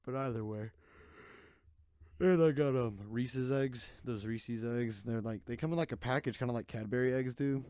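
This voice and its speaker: A man's voice: medium pitch, moderate pace, warm tone, smooth, no echo, clean studio sound. A man, hosting a casual solo podcast, rambling and candid, sleepy and yawning. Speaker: podcast host.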